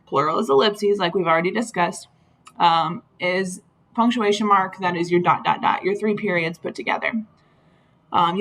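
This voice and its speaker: This female teacher, heard through poor audio, has a medium-pitched, fairly bright voice. She explains grammar slides with patience, frequently filling pauses with "um," as part of a recorded lesson.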